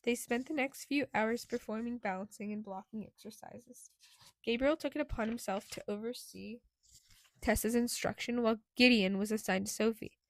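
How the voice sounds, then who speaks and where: A woman reads an audiobook in a steady, clear voice. Her pitch sits slightly high. The recording is close and dry, with no room echo. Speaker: audiobook narrator. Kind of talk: audiobook narration.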